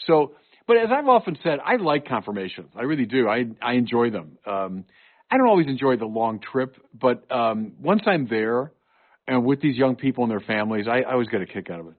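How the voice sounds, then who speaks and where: A bishop talking in phone-band sound. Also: male voice, mid-range voice, very animated, a little fast, phone-quality sound. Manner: earnest, emphatic, storytelling. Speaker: bishop, show guest. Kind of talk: conversational podcast chat. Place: home studio.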